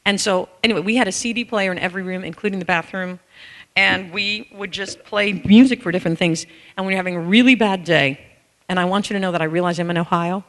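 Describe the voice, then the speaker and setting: A woman giving a candid, animated conference talk to an audience, telling personal stories and breaking into bits of song. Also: on the low side, fast talker. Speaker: author and caregiver speaking to an audience. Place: large hall with an audience. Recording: reverberant hall.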